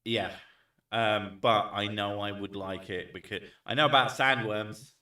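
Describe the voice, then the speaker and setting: A man chatting casually and jokingly on stream, swearing now and then and throwing in loud bits. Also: on the low side, fairly even intonation, a little slow. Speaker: streamer host. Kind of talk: casual chat. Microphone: desk mic set back from him. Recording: echoey room, far from mic.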